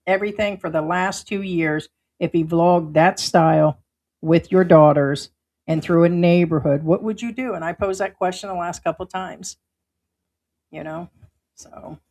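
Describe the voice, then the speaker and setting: A woman hosting a livestream who reads viewer comments aloud and answers them in an emphatic, indignant way. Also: medium pitch. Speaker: livestream host. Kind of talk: live chat commentary.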